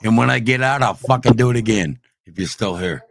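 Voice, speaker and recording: Speaking a little fast in a creaky, medium-pitched voice, a man hosting a livestream hurls profanity at his critics. His rant is combative and repetitive, circling back to the same challenges.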